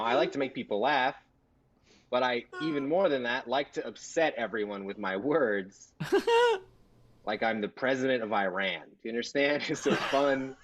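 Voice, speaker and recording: A man performing a stand-up set over a video call, talking in a deadpan, provocative way and laughing at his own jokes. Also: mid-range voice, slightly rough. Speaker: stand-up comedian. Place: Texas home.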